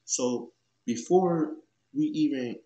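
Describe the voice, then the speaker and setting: Young dude ranting through a storytime, swears a lot, says like every other word, echoey room. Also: male voice, a little high, slow pace, warm tone. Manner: profane, rambling, lots of "like" and restarts. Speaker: YouTube storyteller. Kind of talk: casual storytime rant.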